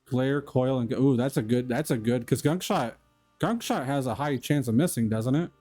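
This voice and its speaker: A man's voice: medium pitch, normal speed, mellow, faint music behind. A man streaming live, chatting casually and answering viewers' comments.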